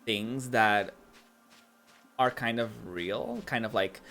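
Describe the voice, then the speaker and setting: A man's voice: lowish voice, slow pace, a bit bright, faint music behind. A man chatting casually while streaming a game, filled with "like" and laughs. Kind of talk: casual gameplay commentary.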